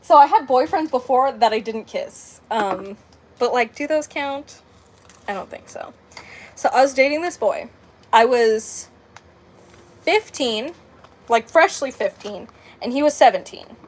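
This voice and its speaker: A woman in her late twenties with a high, light voice tells a story in a loose, chatty way. She rambles, leans on "like" and "um", and slips into lively voices when she quotes people. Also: measured pace, pauses often, slight background noise. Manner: rambling, heavy on "like" and "um", with animated quoted dialogue. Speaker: crafting channel host. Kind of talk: casual storytime chat.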